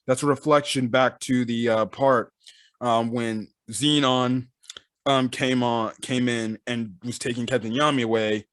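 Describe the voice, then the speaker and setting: A man hosting a casual manga reaction, reading along and breaking into excited exclamations. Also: mid-range voice, measured pace, no room sound, studio quality. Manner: excitable, bursts into loud exclamations. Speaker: manga reaction channel host.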